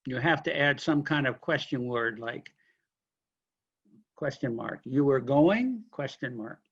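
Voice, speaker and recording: A man lecturing a linguistics class, explaining question forms slowly with examples and apologizing for being unclear. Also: mid-range voice, a bit bright, breathy edge, muffled recording. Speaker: linguistics instructor.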